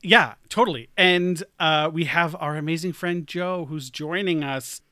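A man's voice: on the high side, measured pace, sharp tone, dry recording, clean studio sound. A young man from Long Island, co-hosting a casual podcast chat in a joking, self-deprecating way that wanders into tangents. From Long Island, New York. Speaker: podcast co-host.

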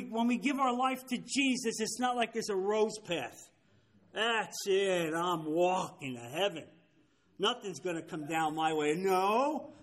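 Seventies male pastor, high-pitched, emphatic sermon delivery, keeps checking listeners follow. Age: 70s. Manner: emphatic, keeps asking "you understand?". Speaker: pastor leading a Bible study. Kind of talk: sermon-style Bible teaching.

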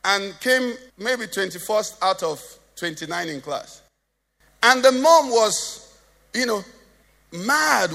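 A man's voice: sits high, animated, takes it slowly, gravelly, sharp tone, big-room sound. A Nigerian man preaching a sermon as pastor, joking and asking the congregation questions. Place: church hall.

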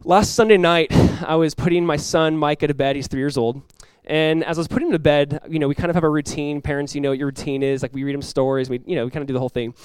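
A man in his thirties, a pastor preaching a sermon and telling a family story with lively, rising emphasis. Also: fairly high pitch, fast, hardly any pauses, smooth, dry recording. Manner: animated storytelling, rises loud when acting out his talks with his son.

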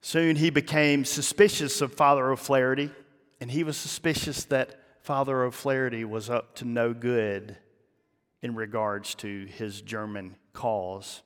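A male pastor telling a story in a sermon, dramatic, with his voice dropping low and hushed at the emotional peaks. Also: fairly even intonation, a little slow. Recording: long hall reverb.

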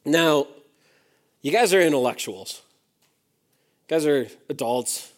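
Animated, high-voiced young adults pastor. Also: male voice, takes it slowly. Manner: animated, rising to emphatic peaks and dropping to hushed asides; reads scripture aloud and acts out the quoted lines. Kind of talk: sermon.

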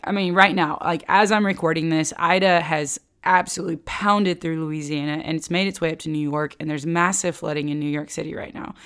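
A woman with a lowish voice teaches the Bible in a relaxed podcast chat. She talks loosely and fills her speech with "like". She animates her points by acting out voices when she quotes. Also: smooth. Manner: chatty, with many filler "like"s.

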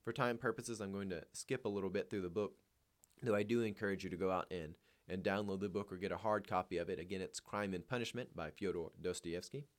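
A man's voice: sits low, fast talker. A man reading a novel aloud and then lecturing on it in an earnest, emphatic way. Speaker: reader and commentator.

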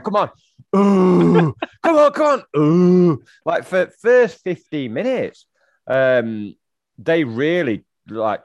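A man co-hosting a football podcast, animated as he recounts the match. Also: mid-range voice, no echo, studio quality. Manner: animated, recounts match moments, mimics the crowd. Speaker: podcast co-host. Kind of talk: casual football chat.

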